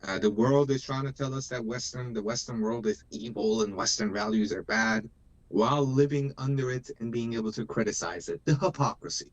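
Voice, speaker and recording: A man's voice: mid-range voice, lively intonation, fairly quick, highs cut off. A man in his thirties, born in Iran, chatting emotionally and laughing often on a live stream. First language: Persian. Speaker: co-host. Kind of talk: casual live-stream chat.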